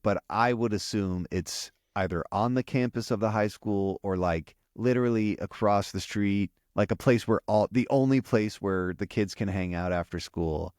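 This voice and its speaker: Low-voiced man rambling through a recap. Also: darkish tone, dry recording, clean studio sound. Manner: rambling, many restarts, searches for words. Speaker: podcast co-host. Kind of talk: casual chat recapping a TV episode.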